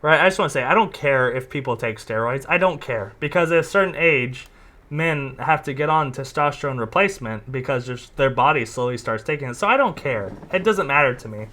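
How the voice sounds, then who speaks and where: A man's voice: medium pitch, lively intonation, fairly quick, pushed and bright. A man hosting a casual reaction commentary, talking bluntly and sarcastically and swearing freely. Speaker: commentary host.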